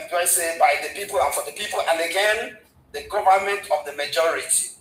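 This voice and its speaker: A man's voice: high-pitched, echoey room, slight background noise, low-quality recording. A man, a guest in a casual discussion, who stumbles and repeats words as he retells history at length. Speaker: guest commentator.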